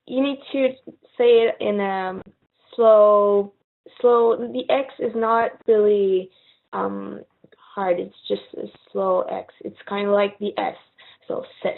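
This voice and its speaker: A woman with a French accent teaching French numbers and phrases, slowly and patiently repeating words with little pauses and fillers. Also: a little high, vocal fry. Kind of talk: slow spoken language lesson. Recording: tinny phone-like sound.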